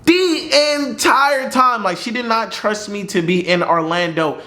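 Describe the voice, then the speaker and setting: A young man telling a personal story in a casual vlog, animated, slangy and profane. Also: high voice, measured pace.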